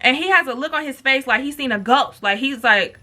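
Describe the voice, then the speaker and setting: A woman's voice: high-pitched, fairly quick. A young woman vlogger telling a storytime tale in a casual, profane, slangy way, acting out what people said. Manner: animated, profane, slangy storytelling with acted quotes. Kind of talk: storytime with mukbang.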